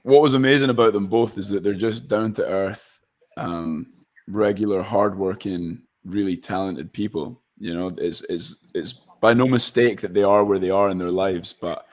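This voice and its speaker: A young man from Scotland talks casually as a guest actor, with a slightly low voice. He rambles and restarts often, leaning on plenty of fillers. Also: moderate pace. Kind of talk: casual interview chat.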